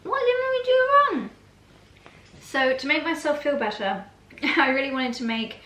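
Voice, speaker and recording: A woman's voice: a little high, fairly bright tone. Playful woman in an echoey kitchen. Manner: chatty, playful and self-mocking. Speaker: vlogger. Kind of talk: casual chat. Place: home kitchen. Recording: roomy kitchen echo.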